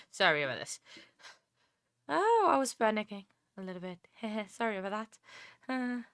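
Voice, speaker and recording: A woman's voice: medium pitch, sing-song, unhurried, fairly bright tone, dry recording, studio quality. A woman hosting a live stream, talking casually and thinking aloud with many fillers and restarts. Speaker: livestream host.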